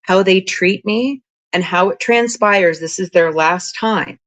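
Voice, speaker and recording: A woman guest on an interview podcast, telling long spiritual stories in a rambling, animated way, full of "like" and "you know". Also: mid-range voice, slow. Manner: rambling, animated, frequent 'like' and 'you know'. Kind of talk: casual interview storytelling.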